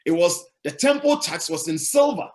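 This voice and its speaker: A man's voice: sits high, sing-song, moderate pace. A male pastor preaching a sermon, emphatic and repetitive, asking the congregation rhetorical questions.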